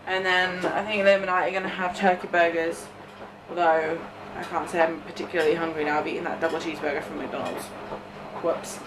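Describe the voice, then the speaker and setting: A woman's voice: fairly low pitch, steady tone, fairly quick, slight background noise, rough recording. Chatty young mum feeding her baby. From Cheshire, England. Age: young adult. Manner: chatty, coaxing baby talk while feeding her son. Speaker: family vlogger and mother. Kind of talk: casual vlog chat. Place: at home.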